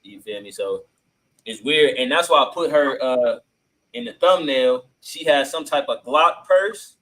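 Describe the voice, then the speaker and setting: A man's voice: mid-range voice, expressive, a little slow, fairly bright tone, poor audio. Laid-back slangy male podcast host. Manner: laid-back, slangy, many filler ums. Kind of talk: casual chat reacting to clips.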